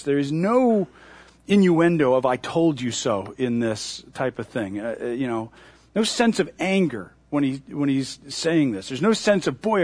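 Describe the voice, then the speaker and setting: Animated husky-voiced male pastor preaching. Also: dry recording. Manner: animated, acts out crowd voices with big pitch jumps. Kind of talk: sermon.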